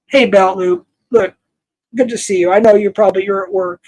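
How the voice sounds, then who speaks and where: An older man hosting a livestream, scolding a viewer in a heated, halting rant full of restarts. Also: high voice, a little mellow, rough recording. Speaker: livestream host. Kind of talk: angry livestream rant to chat.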